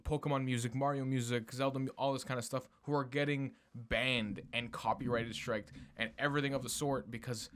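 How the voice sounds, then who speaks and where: Animated, swearing podcast co-host man. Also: mid-range voice, a little fast, few pauses, a little hiss or hum. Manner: animated, swearing often, bursts of laughter. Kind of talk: casual podcast chat.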